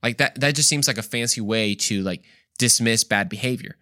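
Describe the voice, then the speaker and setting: Hosting a Christian podcast, this man delivers an emphatic monologue full of rhetorical questions, often repeating words and restarting. His medium-pitched voice moves at normal speed and sounds pushed and bright. The studio recording is clean, with no echo.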